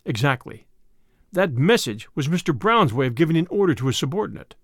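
A man reading aloud as a weary older male spymaster, measured and grave. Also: fairly high pitch, very animated, fairly bright tone, no room sound, clean studio sound, heavily acted.

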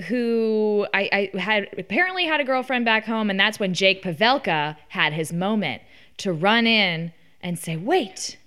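Smooth-voiced woman hosting a chat. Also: mid-range voice, normal speed, bright, forceful tone. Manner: conversational, teasing questions. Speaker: podcast host. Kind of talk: casual interview chat.

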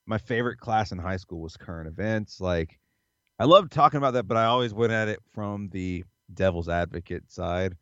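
A man's voice: fairly low pitch, moderate pace, no echo, muffled recording. A man from the South, hosting a podcast in a rambling, laid-back casual chat full of fillers. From American South. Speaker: podcast host.

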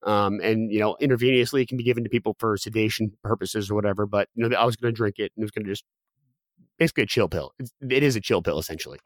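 A man in his thirties, a podcast guest, telling a personal story quickly with many restarts and fillers. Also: fairly low pitch, dry recording. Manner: rapid, with frequent restarts and fillers.

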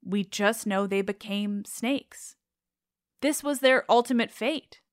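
Smooth-voiced woman presenting mythology. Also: medium pitch, slow pace, no echo, studio quality. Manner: openly enthusiastic, affectionate about her subject. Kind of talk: informal mythology retelling.

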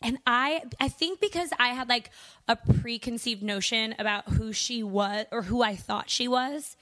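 A woman co-hosting a casual podcast chat, animated and exclamatory, laughing often. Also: on the high side, unhurried. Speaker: podcast co-host.

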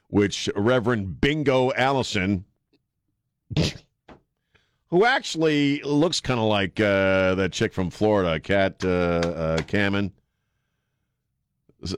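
A sarcastic male talk radio host with a lowish voice and a wry, mocking delivery. He sounds dry and close to the studio mic, with no room sound, riffing loosely between jokes and comments. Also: clear, resonant tone, dry recording. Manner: sarcastic, mocking, joking asides. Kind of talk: casual talk radio monologue.

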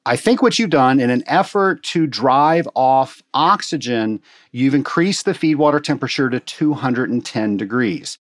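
A man talks through a technical problem in a relaxed, folksy teaching manner, explaining each step plainly and calling his listeners folks. His voice sits at an ordinary middle pitch for a man. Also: moderate pace. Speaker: water treatment instructor answering a listener question. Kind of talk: casual instructional talk. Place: Atlanta.

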